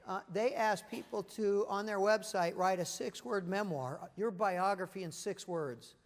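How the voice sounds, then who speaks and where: A man with a high, light voice speaks to a seated audience in a large meeting room, and his words trail off into a long reverb. He tells stories with energy and keeps asking the room questions. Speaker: keynote speaker. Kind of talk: corporate leadership presentation.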